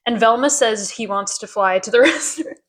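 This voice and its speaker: A woman co-hosting a chatty podcast, recapping an old TV episode. She talks in a slightly high, animated voice, acting out lines and breaking into laughter. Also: poor audio. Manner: animated, quick to laugh, acts out quotes. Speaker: podcast co-host. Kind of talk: casual chat recapping a TV episode.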